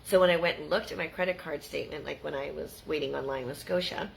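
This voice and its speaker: Woman, middle-aged, from Canada, casual vlog storytelling, animated, gravelly, low-pitched, faint background noise. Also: fast talker, low-quality recording. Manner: chatty and animated, acts out the people in her stories. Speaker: vlogger.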